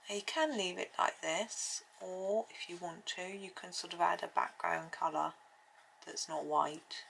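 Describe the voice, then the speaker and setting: A middle-aged woman with a low, gravelly voice that still has a bright edge. She rambles softly through a colouring tutorial and often sinks to a near whisper. Faint background hiss sits under the close mic. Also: fairly even intonation, measured pace, rough recording. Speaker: colouring video host. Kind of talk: soft-spoken colouring tutorial chat.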